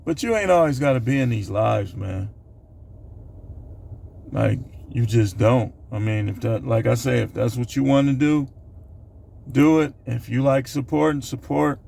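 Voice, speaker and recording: A man with a gravelly, fry-edged voice at an ordinary pitch talks straight into his own camera. He rambles casually through a countdown list, padding it with fillers and side remarks. It sounds like a home vlog monologue. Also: measured pace, darkish tone, slight background noise. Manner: loose, rambling delivery with many fillers. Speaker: channel host. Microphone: camera recording himself.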